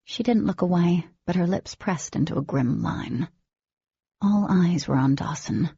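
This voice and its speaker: A woman narrating a first-person novel as an audiobook in a steady, even reading. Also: fairly low pitch, a little slow, gravelly, breathy edge, dry recording. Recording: dull lo-fi recording, dry.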